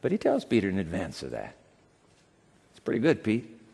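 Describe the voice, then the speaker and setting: A man preaching a sermon as pastor, dramatic, acting out quoted voices and swinging between loud and soft. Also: deep voice, wildly swooping pitch, moderate pace, creaky, breathy edge, big-room sound.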